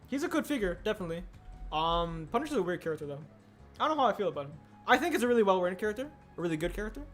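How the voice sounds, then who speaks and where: A man's voice: sits high, fairly bright tone. A young man streaming casually, rambling and answering chat aloud as he builds. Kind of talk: casual livestream chat while building a set. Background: faint music.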